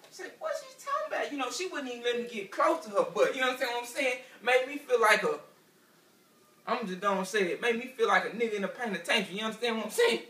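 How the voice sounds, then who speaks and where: Stand-up comic, man, high bright voice, rambling repetitive delivery, room echo and distant pickup. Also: fast talker. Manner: loose, repetitive storytelling with asides to the crowd. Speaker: stand-up comedian. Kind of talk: stand-up comedy routine. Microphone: camera from a distance. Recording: echoey room picked up from afar.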